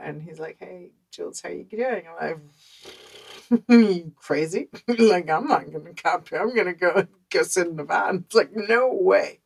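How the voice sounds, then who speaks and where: Dutch-accented woman podcast host, low husky voice, animated chatty storyteller. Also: rough recording. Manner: animated, conversational, many fillers. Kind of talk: personal storytelling monologue.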